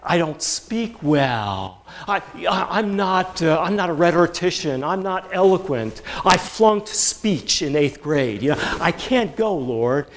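A reluctant prophet stammers and pleads one excuse after another, as a male preacher acts him out. His voice sits fairly high and hesitant, barely changed from plain talk. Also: animated, slow, few pauses. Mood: pleading.

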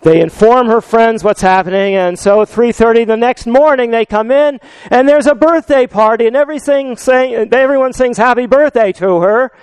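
High-voiced male pastor telling stories. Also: normal speed, clear, resonant tone, no room sound. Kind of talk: sermon with storytelling.

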